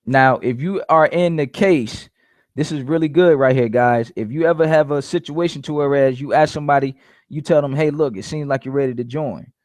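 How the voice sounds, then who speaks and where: A man's voice: a little high, fairly quick, a little mellow, dry recording, clean studio sound. A man giving casual sales coaching, repeating his points emphatically and calling his listeners "guys". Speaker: network marketing coach.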